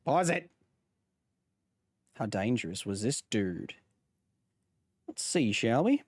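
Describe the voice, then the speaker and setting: A man's voice: medium pitch, big pitch swings, slow pace, slightly rough, no echo, clean studio sound, faint music behind. A man in his thirties hosting a science podcast livestream, chatting loosely and jokingly with viewers, full of fillers and restarts. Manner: jokey, teasing back at chat. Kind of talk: casual live-stream chat reading viewer comments.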